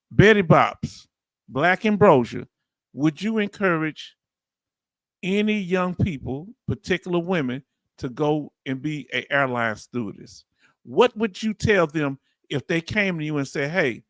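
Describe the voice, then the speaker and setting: With a slightly high voice and a Southern US accent, a veteran livestream host in his fifties reads viewer comments aloud. He's chatty and breaks into excited laughter now and then, in a studio-quality recording with no room sound.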